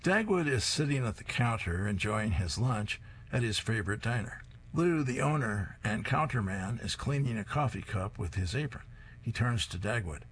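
A man's voice: medium pitch, expressive, normal speed, fairly bright tone, husky. A man hosting a radio reading service, reading comic strips aloud and chuckling after each punchline.

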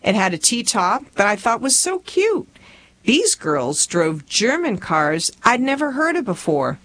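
Folksy Southern woman reading her memoir. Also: a little slow. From rural Tennessee. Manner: folksy, humorous storytelling with lively pitch. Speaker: memoir narrator.

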